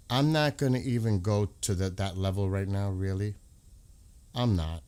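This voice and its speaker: A man's voice: sits low, normal speed, a little mellow. An American man hosting a livestream, talking in a heated, repetitive way and swearing often. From United States. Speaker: livestream host. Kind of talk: casual livestream talk.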